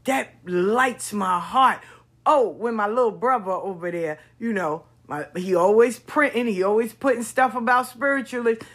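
A woman hosting a podcast, telling stories in a casual monologue, expressive and repetitive, swearing freely. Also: fairly high pitch, moderate pace, breathy edge. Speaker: podcast host.

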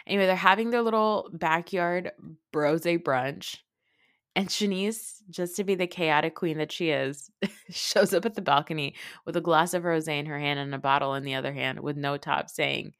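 A woman hosting a podcast, giving a casual, opinionated reality TV recap, swearing freely and mocking people with quick impressions. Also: sits low, creaky, no echo, studio quality. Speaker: podcast host.

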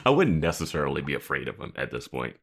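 Male podcast co-host, very deep voice, easygoing, laughs a lot. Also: very animated, fast, gravelly, fairly bright tone, breathy edge. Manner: laid-back, laughs often, riffs with jokey asides. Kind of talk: casual chat.

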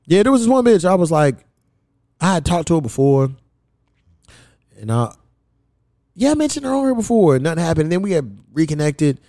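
A man's voice: very animated, fairly quick, long pauses, dark tone, no room sound, clean studio sound. Young man telling profane stories. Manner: profane storytelling, swings pitch high for quoted asides. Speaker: podcast host. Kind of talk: casual podcast chat.

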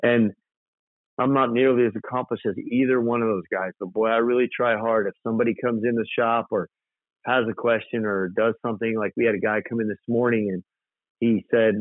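A custom motorcycle builder from South Dakota, appearing as an interview guest, tells rambling stories in a casual, animated way, full of fillers. His voice is lowish and fairly quick, with no echo, coming through a tinny, dry, phone-like line.

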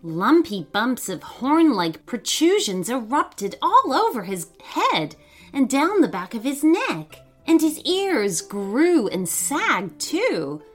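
A woman narrating a children's story in an expressive, dramatic way. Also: high-pitched, takes it slowly. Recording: faint background music.

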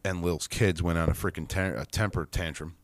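A man with a very deep voice hosts a podcast, reading an ancient text aloud and stopping often for loose, chatty remarks. His talk is casual and peppered with mild swearing. The sound is close and dry, with no room echo. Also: fairly even intonation, fairly quick.

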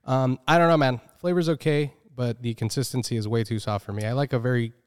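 A man's voice: mid-range voice, quick pace, smooth, dry recording. Guy cohost rambling, lots of likes and bros, dry close sound. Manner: animated, rambling, says like and bro a lot. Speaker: podcast co-host. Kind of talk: casual chat.

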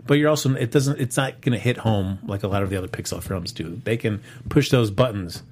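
A man's voice: on the low side, fairly quick, a little mellow, a little hiss or hum. A man hosting a casual live-streamed film and box office chat, rambling with lots of fillers. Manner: rambling, many fillers and restarts. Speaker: podcast host.

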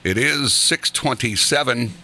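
A man's voice: medium pitch, unhurried, bright, forceful tone. A man hosting a morning radio show, chatting in an easygoing way with a chuckle. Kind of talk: casual radio chat.

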